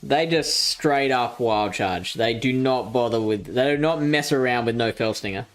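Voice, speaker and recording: A man's voice: medium pitch, normal speed, soft background music. A man with an Australian accent hosting a live game stream, chatting casually with viewers and laughing at himself as he plays. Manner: casual, chatty, laughs at himself, thinks aloud while playing. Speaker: streamer and show host. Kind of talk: live-streamed game commentary and chat reading.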